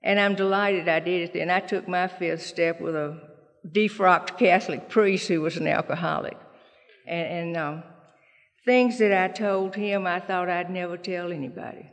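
A woman's voice: lowish voice, fairly even intonation, normal speed. Folksy Southern woman in an echoey hall. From Mississippi, US. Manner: folksy storytelling, acting out others' lines. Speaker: speaker sharing her recovery story. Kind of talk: personal testimony at a meeting.

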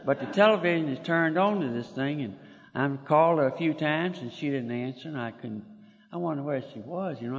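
Older man, plainspoken group storyteller, a bit high-pitched, recorded in an echoey hall. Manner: folksy, plainspoken, peppered with mild cursing. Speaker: speaker sharing his story. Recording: echoey hall, audience laughter far off.

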